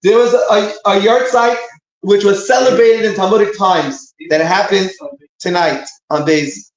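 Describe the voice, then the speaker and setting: A man's voice: high-pitched, fairly even intonation, measured pace. A man giving an informal teaching talk, rambling and restarting as he searches for words. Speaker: speaker giving a short talk between prayers. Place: synagogue room. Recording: echoey room.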